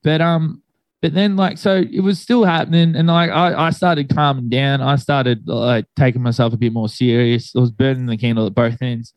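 A man's voice: medium pitch, steady tone, moderate pace, no room sound, poor audio. A young man telling a ghost story to friends in a rambling, casual way, full of fillers and swearing.

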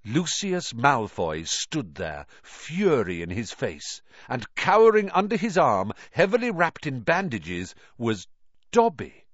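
A man narrating an audiobook in an expressive, dramatic way, on a dull lo-fi recording. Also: mid-range voice, slow, dry recording.

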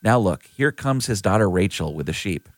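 Brief: man doing plain-spoken shepherds, low voice, lively intonation. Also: moderate pace, no room sound, studio quality.

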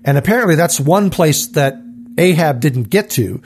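Husky guy chatting about a bible passage, kinda high voice, super animated. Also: normal speed, background noise. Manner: animated, acts out scripture quotes with rising voice. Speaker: podcast co-host. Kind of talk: casual Bible study discussion.

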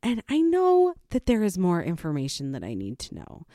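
A woman's voice: on the low side, wildly swooping pitch, moderate pace, warm tone, dry recording. A woman tells the story of her day as a mother of four with wry exasperation. Her voice rises and falls a lot, and the recording is close and dry. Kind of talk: personal storytelling narration.

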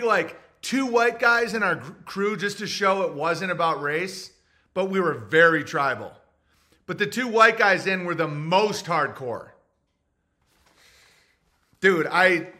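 A man's voice: sits high, a little slow, pushed and bright. A man hosting a podcast in a rambling, crude, joking chat, who also reads listener messages aloud. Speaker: podcast host. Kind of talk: casual comedic rant.

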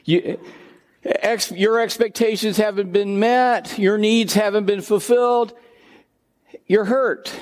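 An older man preaching a sermon as pastor, in a conversational, animated delivery with personal asides. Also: sits high, long reverb tail.

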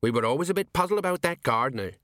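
Man doing a chatty know-it-all sergeant, bit higher, dry. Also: lively intonation, very fast, a bit bright, dry recording. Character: stout older male sergeant, chatty, knowing. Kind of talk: audiobook character voice.

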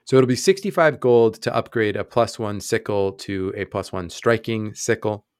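A man's voice: on the low side, moderate pace, clean tone, no room sound, studio quality. A man narrating as game master of a tabletop game, explaining rules patiently and steering the scene.

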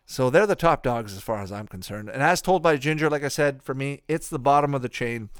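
A man's voice: medium pitch, brisk, clean tone, no room sound, studio quality. A man giving casual, rambling watch-along commentary on an old cartoon, profane and offhand with mocking asides. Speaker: cartoon reviewer.

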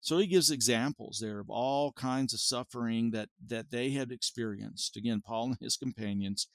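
A man's voice: medium pitch, moderate pace, no echo. A man in his forties giving an informal Bible teaching as a podcast host, explaining carefully and stopping to restate and correct himself.

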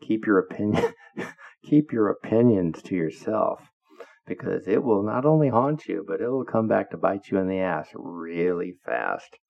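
A man's voice: fairly low pitch, big pitch swings, a little slow, vocal fry. A man podcaster telling a blunt, profane workplace story in a candid monologue, laughing now and then. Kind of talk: anecdotal monologue. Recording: dull lo-fi audio.

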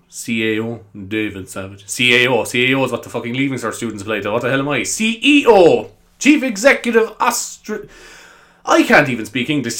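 A man's voice: medium pitch, fairly bright tone. A young Irish man hosting a solo podcast, chatting casually in a rambling, easily sidetracked way and giggling a lot. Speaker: podcast host.

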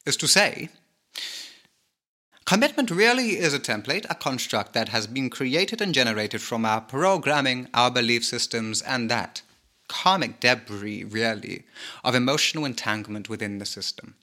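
A man's voice: mid-range voice, lively intonation, normal speed, bright, forceful tone. A British man hosting a podcast, speaking in a theatrical spiritual monologue with a Cockney and Glaswegian mix in his accent, drawing out phrases and dropping teasing asides. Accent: mixed Cockney and Glaswegian Scottish. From Britain. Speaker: podcast host.

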